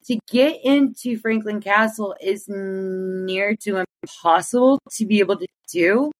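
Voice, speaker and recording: A woman guest in casual conversation, talking excitedly with many "like" fillers. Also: medium pitch, a little slow, dry recording, rough recording.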